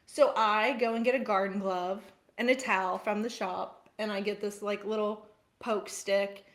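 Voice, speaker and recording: A woman co-host spins a story in easy, chatty conversation. She talks animatedly and laughs often, with a voice of average pitch for a woman. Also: steady tone, moderate pace. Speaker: podcast co-host. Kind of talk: casual chat, telling a story. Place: farm household.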